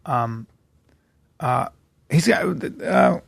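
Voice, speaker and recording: A man's voice: mid-range voice, lively intonation, extremely slow, gravelly, husky, dry recording. A man co-hosting a podcast, chatting casually and telling stories with acted-out quotes. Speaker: podcast co-host. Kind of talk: casual chat.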